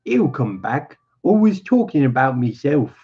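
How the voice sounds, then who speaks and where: A man voicing a lonely, needling older male stable hand, drawn out and raised in pitch, on a dull lo-fi recording. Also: very animated, measured pace, warm tone, breathy edge. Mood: wistful.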